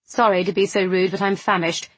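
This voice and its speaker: A woman voicing a weary, wry young gentleman who speaks in a tired, dry, understated way. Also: mid-range voice, steady tone, brisk, slightly rough, dry recording, natural voice.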